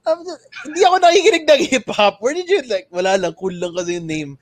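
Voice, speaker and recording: A man's voice: high voice, big pitch swings, quick pace, no room sound. A man with a Filipino accent in his thirties, hosting a casual podcast chat and swearing freely. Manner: swearing, switching between English and Tagalog. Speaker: podcast host.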